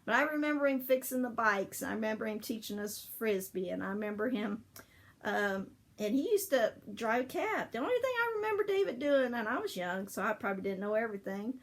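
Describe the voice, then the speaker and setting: An older woman shares childhood memories in a loose, chatty way. Her voice sits fairly high, and she breaks into laughter often as she talks. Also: big pitch swings, fairly quick. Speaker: storyteller. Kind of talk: casual memorial storytelling.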